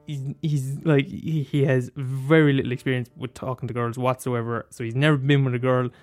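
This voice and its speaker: Guy, casual film vlog, loose and chatty, restarts a lot, middle pitch. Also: level tone, moderate pace, darkish tone, soft background music. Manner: rambling, frequent restarts, swears casually, laughs often. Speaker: film commentator. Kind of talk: casual monologue.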